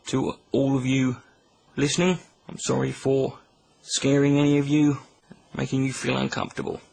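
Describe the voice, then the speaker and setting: British male YouTuber, gravelly deadpan voice, faint background hiss, mock-furious comic rant. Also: mid-range voice, poor audio. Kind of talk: deadpan comedic rant to camera.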